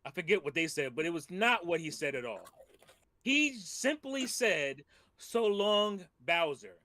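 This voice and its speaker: A man's voice: fairly high pitch, very animated, moderate pace, sharp tone. A man co-hosting a casual gaming podcast, blunt and profane, laughing often. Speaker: podcast co-host.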